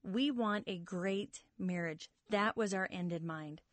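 A woman's voice: mid-range voice, a little slow, dry recording. A woman guest on a radio talk show, speaking emphatically about how determined she and her husband were. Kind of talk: conversational testimony.

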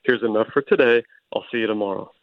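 A man guest telling his recovery story in an earnest, animated way, with quick restarts, on a Christian talk show. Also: fairly low pitch, no room sound. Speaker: guest author. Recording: tinny phone-line sound.

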